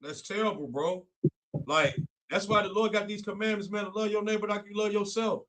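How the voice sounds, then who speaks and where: A young man with a high, light voice delivers Bible study talk with fervor, repeating himself and slipping into casual speech. He speaks as a co-host leading a faith discussion. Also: steady tone, brisk, fairly bright tone. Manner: fervent, repetitive, colloquial.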